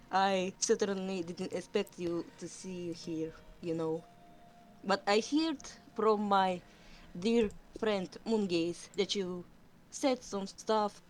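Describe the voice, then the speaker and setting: A woman voicing a smooth-talking, manipulative male warrior cat in a tabletop game, coaxing and hushing in a falsely sweet way. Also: medium pitch, slight background noise, close to an everyday voice. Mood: sly.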